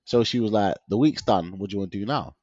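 Guy, young, animated storyteller, lots of slang and laughs; dull dry lo-fi sound. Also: fairly low pitch, fast, no echo. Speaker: guest. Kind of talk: casual storytelling interview.

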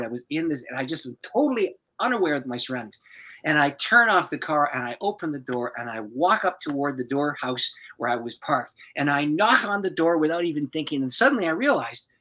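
A man who is a pastor, telling a personal story as a podcast guest in an animated way and chuckling often. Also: on the high side, low-quality recording.

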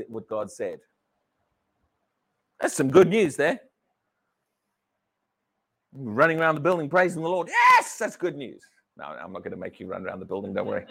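A British man preaches to his congregation in a church hall. His voice sits high and rises and falls a lot as he stresses each point. He repeats key words and keeps asking the room questions. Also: fairly bright tone, husky. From Britain. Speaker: pastor. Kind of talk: sermon.

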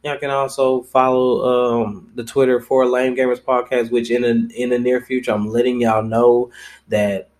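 A man's voice: medium pitch, flat delivery, normal speed, darkish tone. A young man hosting his own podcast, talking alone in a casual, rambling way, blunt and full of swearing. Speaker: podcast host. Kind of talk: casual solo podcast commentary.

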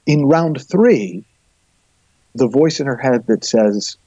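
A man's voice: mid-range voice, expressive, takes it slowly, dark tone, no room sound. A middle-aged man, a guest and coach, thoughtfully explaining ideas with vivid images in a reflective conversation, recorded with dull, lo-fi sound.

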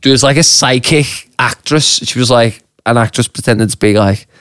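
A man with an Australian accent co-hosting a podcast, telling stories in a chatty, animated way and swearing freely. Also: mid-range voice, moderate pace, clear, resonant tone, dry recording, clean studio sound. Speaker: podcast co-host. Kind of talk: casual chat and storytelling.

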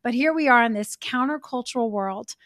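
Brief: woman podcast host, chatty rambling questions, slightly high voice, dry recording. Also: brisk, fairly bright tone, dry recording. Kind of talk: interview podcast.

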